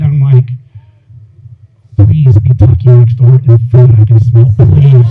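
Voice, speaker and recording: A man in his forties giving an informal, joking eulogy full of profanity and restarts, outdoors at a backyard gathering. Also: high voice. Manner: joking, profane, repeats words. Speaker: eulogy speaker. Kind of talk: informal eulogy with funny stories. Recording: tinny phone-like sound with faint noise.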